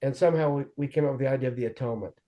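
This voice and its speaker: A man's voice: mid-range voice, very fast, muffled recording. A man in his forties telling his recovery story in an earnest, conversational way, acting out quoted dialogue as he goes. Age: 40s.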